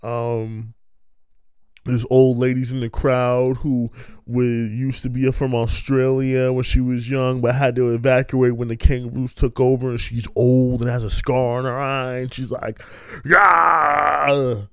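Male podcast host, unhurried delivery, smooth resonant voice, animated and profane comic riffing. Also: mid-range voice, no echo, studio quality. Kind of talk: rambling comic monologue.

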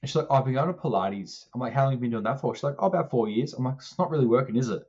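A man co-hosting a casual podcast, telling an animated story and acting out both sides of the conversation, swearing now and then. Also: mid-range voice, very fast, lo-fi sound. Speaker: strength coach co-host.

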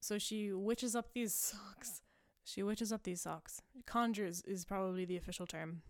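A woman's voice: medium pitch, fairly even intonation, measured pace. A young woman hosting a podcast, rambling casually through a made-up story, full of fillers and self-amused asides. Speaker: podcast host.

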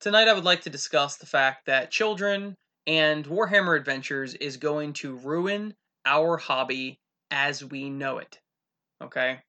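A man voicing an overblown male talk-show host persona, booming and theatrical in a mock talk-show monologue. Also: measured pace, pushed and bright. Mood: grandiose.

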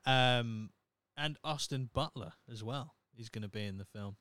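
A young man hosts a solo podcast, ranting casually in a blunt, sweary, opinionated style. His voice is medium in pitch with a sharp tone, and he speaks unhurriedly. There's no room sound in the recording.

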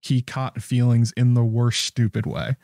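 A man's voice: mid-range voice, little pitch movement, unhurried, vocal fry, warm tone, no echo, clean studio sound. A man giving casual, rambling commentary on a TV episode, often chuckling in disbelief. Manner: incredulous, chuckling, rambling with restarts. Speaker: show recap host.

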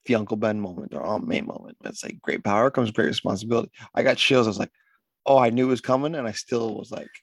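A man talking casually with a friend about films, his voice a little husky. He is animated and slips into quoted lines as he talks. The sound is dry and close, with no room in it. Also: fairly low pitch, quick pace, few pauses, no room sound. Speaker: podcast co-host. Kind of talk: casual chat.

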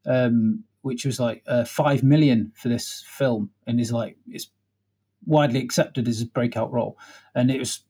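A man co-hosting a film podcast, retelling behind-the-scenes stories in a lively, chatty way. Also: medium pitch, moderate pace, slightly rough. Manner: animated storyteller, hums music cues. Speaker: podcast co-host. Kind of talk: casual film discussion.

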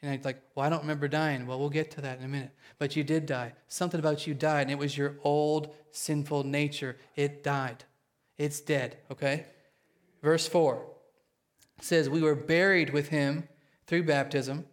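A man preaching a sermon to his congregation, excitable and quick, often checking in with them. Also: fairly high pitch. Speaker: pastor.

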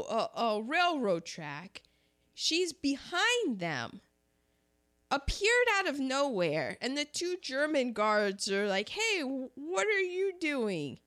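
Woman, casual co-host, lively storyteller, higher voice. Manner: animated, acts out lines from the film, laughs often. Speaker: co-host discussing a war film. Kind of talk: casual chat.

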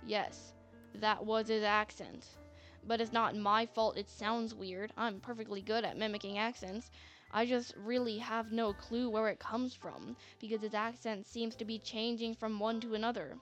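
A woman's voice: a little high, steady tone, moderate pace, fairly bright tone. A woman narrating a story in a chatty manner, with sarcastic asides. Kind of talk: scripted narration. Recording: faint music bed.

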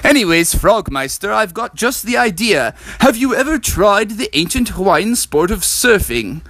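A man's voice: high voice, big pitch swings, moderate pace, fairly bright tone, dry recording, full character voice. A goofy frog dad brags about his surfing in a breezy, slightly raised voice, as a man acts him out in a bedtime story. He drawls like a laid-back surfer dude. The sound is dry and close. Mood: boastful.

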